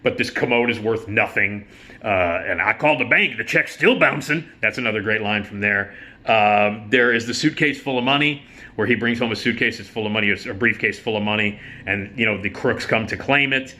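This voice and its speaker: A man's voice: fairly low pitch, fairly even intonation, fairly quick, sharp tone. Rambling, enthusiastic middle-aged man. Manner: rambling, enthusiastic, profane, many fillers. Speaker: host. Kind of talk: casual chat.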